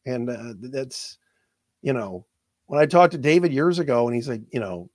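A man hosting a sports talk show, speaking emotionally and haltingly, repeating words as his voice catches. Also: medium pitch, expressive, darkish tone, no room sound, studio quality. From not from the area of the team he covers.

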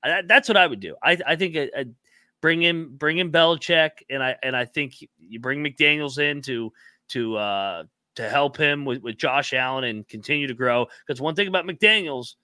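A man's voice: a little high, moderate pace, bright, forceful tone, no echo, clean studio sound. A male podcast co-host in casual chat who rants in an emphatic, fired-up way and swears freely. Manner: fired-up, profane, emphatic ranting.

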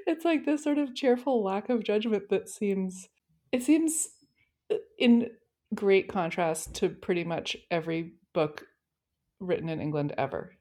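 A woman's voice: medium pitch, a little slow. A woman co-hosting a casual book discussion, talking enthusiastically and telling stories about scenes. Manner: enthusiastic, lively storytelling.

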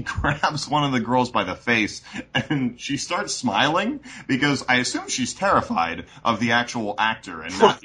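A man's voice: mid-range voice, bright, forceful tone. A man co-hosting a podcast in casual chat, laughing often and gushing about a film. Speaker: podcast co-host.

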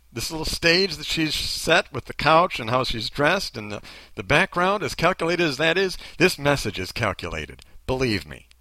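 A man's voice: fairly high pitch, bright, forceful tone, no echo. A man giving blunt, sarcastic commentary on a video.

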